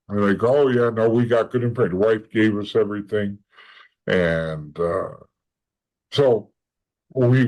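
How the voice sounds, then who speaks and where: A man's voice: mid-range voice, a little mellow, poor audio. A man, a podcast guest, telling a long first-hand story in casual conversation, rambling with restarts and acting out the lines of the people in it. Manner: rambling, acts out quoted dialogue, frequent restarts.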